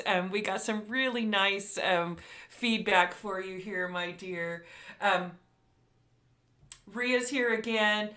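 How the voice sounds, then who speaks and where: A woman's voice: medium pitch, sharp tone. A woman hosting a live online book talk, gushing with praise and reading viewer comments aloud. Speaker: host.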